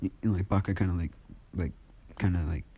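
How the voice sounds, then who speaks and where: A man rambles through a casual fan story, packed with fillers. His voice is low, dark and husky, and he speaks in an unhurried, offhand way. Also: fairly even intonation. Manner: rambling, heavy use of fillers.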